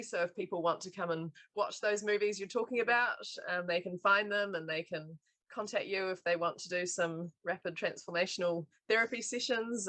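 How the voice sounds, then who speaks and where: A woman's voice: on the low side, no room sound, poor audio. A woman co-host and therapist in a casual interview, affirming her guest and asking questions. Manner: warm affirming, frequent "mm".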